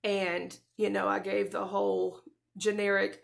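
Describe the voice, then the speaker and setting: A woman in her thirties talks straight to her camera, rambling and restarting her sentences as she tries not to cry. Her voice sits at a middle pitch and has a creaky, gravelly edge. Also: flat delivery, unhurried. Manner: earnest, rambling, with many restarts and soft laughs. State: close to tears. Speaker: vlogger. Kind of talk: casual talk to camera.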